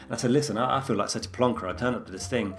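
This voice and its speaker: A man, telling a story in a lively, casual chat. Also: mid-range voice, racing, creaky. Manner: animated storyteller.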